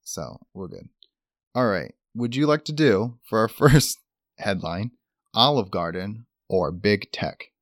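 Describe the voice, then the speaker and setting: A man's voice: lowish voice, big pitch swings, slow, no echo, clean studio sound. A man co-hosting a podcast, talking in an upbeat, rambling way with lots of fillers. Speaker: podcast co-host. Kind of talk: casual chat.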